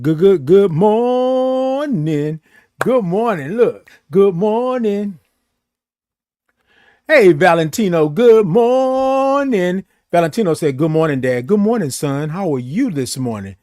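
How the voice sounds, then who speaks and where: A man's voice: fairly high pitch, darkish tone, no echo. A man hosting a morning live stream from his home studio, chatting casually, greeting viewers by name and stretching out his greetings. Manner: exuberant, drawn-out sung greetings. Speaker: host of a morning live show. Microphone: studio microphone.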